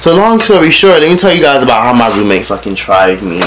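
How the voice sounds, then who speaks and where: A man in his late teens telling a story over a casual mukbang meal at home. He rants in a profane, animated way and eats between sentences. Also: medium pitch, a little fast, few pauses, heavy background noise. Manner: eating while talking. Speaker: vlogger. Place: his rented room at home.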